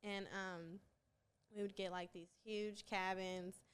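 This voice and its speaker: A woman's voice: mid-range voice, little pitch movement, takes it slowly, smooth. A young woman guesting on a podcast interview, telling stories in a laid-back, slangy way and laughing often. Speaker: rapper and singer, interview guest. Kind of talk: casual interview chat.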